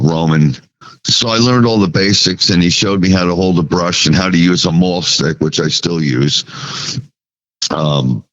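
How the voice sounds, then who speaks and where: A man's voice: deep voice, fairly bright tone, lo-fi sound. A man from New Jersey, a sign painter, recalling his early days as a podcast guest and acting out the dialogue in his story. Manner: recounts memories, acting out quoted dialogue. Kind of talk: casual storytelling.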